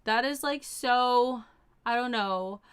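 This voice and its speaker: A woman's voice: a little high, slow, smooth. A young woman casually chatting as she reads out chat messages, bubbly and gushing, full of "like" and "oh my gosh". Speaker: streamer reading chat.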